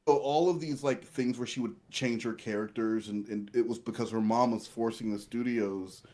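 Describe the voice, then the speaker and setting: A man's voice: medium pitch, fairly even intonation, normal speed, a little mellow. A man with an ordinary mid-range voice giving casual watch-along commentary. He rambles through trivia about the cast and swears casually as he goes. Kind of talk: casual commentary over a TV show.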